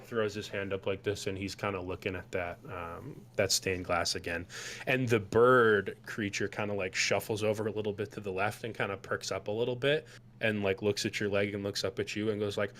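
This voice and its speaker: A man's voice: lowish voice, steady tone, a little fast, fairly bright tone. A man narrating a tabletop game as game master, rambling loosely with many fillers.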